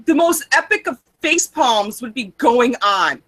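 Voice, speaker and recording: A woman's voice: high voice, animated, unhurried, fairly bright tone, no echo, poor audio. A young adult woman co-hosting a podcast, chatting casually in a rambling, wry, self-mocking way. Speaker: podcast co-host. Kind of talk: casual chat.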